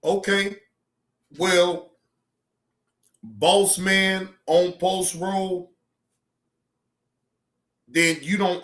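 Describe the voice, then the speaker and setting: A man's voice: high-pitched, a bit bright. A man hosting a livestream, talking bluntly and combatively to his chat in casual commentary. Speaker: streamer reacting to clips. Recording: roomy echo.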